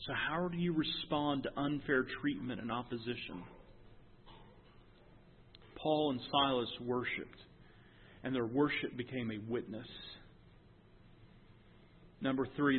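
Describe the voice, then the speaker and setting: A male pastor preaching a sermon, swinging from emphatic near-shouts down to hushed, intimate tones. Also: medium pitch, a little hiss or hum. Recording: phone-like sound with long hall reverb.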